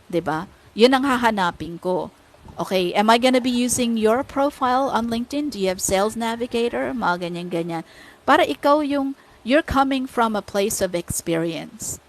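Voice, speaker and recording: A woman's voice: a little high, lively intonation, moderate pace, poor audio. A woman, a guest on a podcast, talking casually and switching between Tagalog and English with frequent tag questions.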